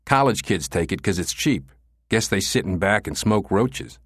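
A man's voice: on the low side, expressive, moderate pace, breathy edge, dry recording, clean studio sound. A crude mocking punk, as a man puts him on. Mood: mocking, brash. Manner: brash, swearing, mocking. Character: crude cocky young male punk.

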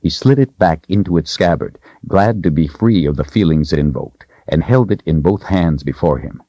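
Deep-voiced man narrating a fantasy tale. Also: normal speed, no echo, lo-fi sound. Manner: dramatic, expressive storytelling. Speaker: audiobook narrator.

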